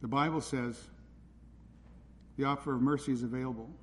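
This is a man's sermon in a church hall, urgent and pleading as he presses those listening. He speaks at a moderate pace in a mid-range voice with fairly even intonation, and there is hall reverb plus faint ambient noise.

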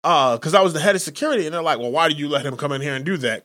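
A man with a slightly high, somewhat bright voice races through crude, casual chat as a podcast co-host. He tells loose stories and acts out what people said.

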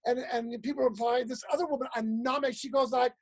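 A woman's voice: on the high side, fairly quick, hardly any pauses. A woman comedian chatting casually, telling stage stories and acting out voices with laughter. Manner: animated, acts out voices with laughter.

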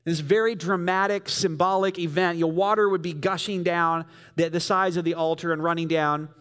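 A man preaching a sermon, telling the story vividly and swinging from loud emphasis to soft, quiet lines. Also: fairly high pitch, fairly even intonation, moderate pace, clean tone. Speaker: pastor.

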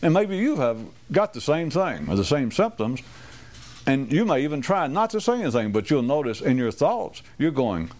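A man's voice: medium pitch, sing-song, normal speed, darkish tone. A man giving a rambling, wry talk to a small group, restarting sentences and acting out quoted voices.

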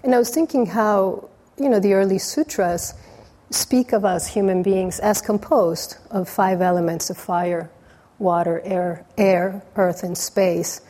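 Mellow-voiced woman giving a dharma talk. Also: medium pitch, fairly even intonation, measured pace. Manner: storytelling, hesitant with restarts. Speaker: dharma teacher.

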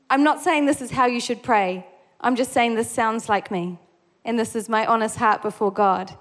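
Woman, high voice, casual prayer teaching, laughs often, long reverb. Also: normal speed. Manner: casual, warm-hearted, laughs often, uses fillers like "like". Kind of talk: informal teaching talk on prayer.

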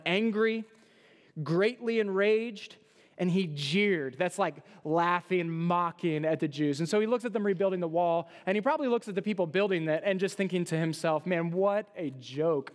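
High-voiced man preaching in a hall. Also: moderate pace. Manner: conversational preaching with fillers and acted-out quotes. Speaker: pastor. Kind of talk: sermon.

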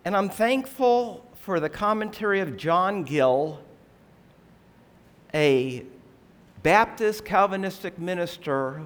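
A man preaching a sermon, explaining scripture in a measured, earnest way and asking rhetorical questions. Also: high voice, lively intonation.

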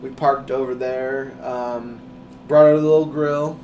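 A man's voice: mid-range voice, steady tone, measured pace, darkish tone. A young man in casual chat as a podcast co-host, rambling and stumbling over his words, laughing often. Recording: noisy room.

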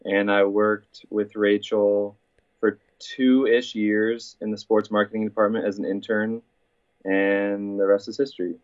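College guy from iowa chatting on a podcast, lower voice, dull lo-fi sound. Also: level tone, unhurried. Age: 20s. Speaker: guest, college senior. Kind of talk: casual podcast interview.

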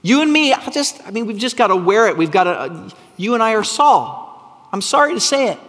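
A man preaching a sermon, earnest and full of rhetorical questions, sometimes dropping to a hushed voice for emphasis. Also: high-pitched, sing-song, a little fast, in a large hall. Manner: drops to a hushed, soft voice for emphasis. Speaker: pastor.

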